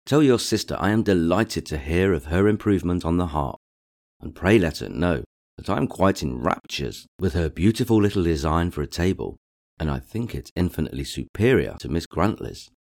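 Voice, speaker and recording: A fawning, flattering young society lady, read by a man in a storybook, her praise pouring out eagerly. The voice sits very deep and low in pitch. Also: moderate pace. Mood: gushing. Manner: gushing, eager to please.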